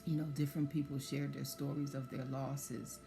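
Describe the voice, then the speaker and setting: A woman sharing a personal testimony in conversation, soft-spoken and hesitant with many fillers. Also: very deep voice, level tone, normal speed, gravelly, faint music behind. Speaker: guest sharing pregnancy loss story.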